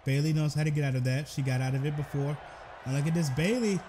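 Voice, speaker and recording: A young man giving excitable play-by-play commentary over a wrestling video game, breaking into shouted exclamations. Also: a little high, fast talker, background noise.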